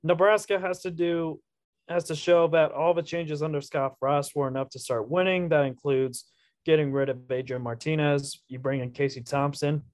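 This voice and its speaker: A man's voice: a little high, darkish tone, no room sound, studio quality. A man co-hosting a casual college sports podcast, laid-back as he reads out his prepared predictions. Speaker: podcast co-host.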